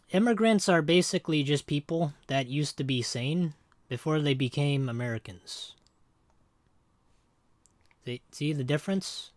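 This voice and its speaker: Streaming a game, a man chats jokingly and ramblingly with his viewers in a slightly high voice, with no echo.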